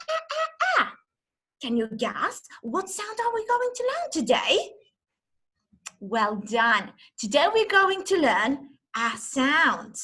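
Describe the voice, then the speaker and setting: A woman giving an online teaching demonstration, talking as if to a class of young children and sounding out letters slowly and with exaggeration. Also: high voice, fairly bright tone. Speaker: teacher trainer. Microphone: video call.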